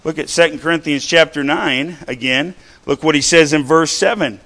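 A middle-aged man preaching a sermon to his congregation, chatty and animated, full of rhetorical questions and asides. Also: a little high, a little fast, hardly any pauses. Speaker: pastor. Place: church sanctuary.

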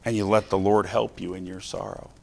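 Gravelly low-voiced male preacher. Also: flat delivery. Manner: storytelling, varies loudness, slows for emphasis. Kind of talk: sermon with personal story.

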